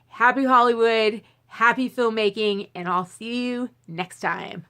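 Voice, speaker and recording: Woman vlogger with a highish voice, casual and rambling, lots of restarts. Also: unhurried, few pauses, smooth. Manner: rambling, full of fillers and restarts; bursts into high excited squeals. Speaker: movie vlogger. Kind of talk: casual chat to camera.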